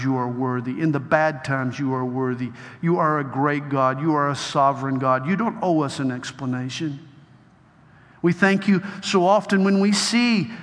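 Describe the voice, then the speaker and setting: A male preacher delivering a sermon and prayer to a congregation, emphatic and building to loud exhortation. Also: fairly high pitch. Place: large hall with a crowd. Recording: long hall reverb.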